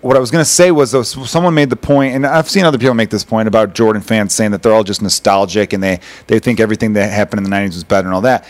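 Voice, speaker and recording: A man in his thirties hosting a casual podcast chat, telling animated, profane stories. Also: mid-range voice. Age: 30s. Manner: fast, profane, animated storytelling. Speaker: podcast host.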